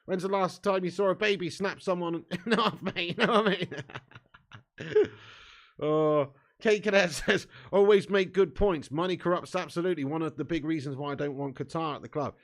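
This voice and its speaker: A young man hosting a live football watch-along, bantering with his chat and swearing freely, getting loud when a chance comes. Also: high voice, moderate pace.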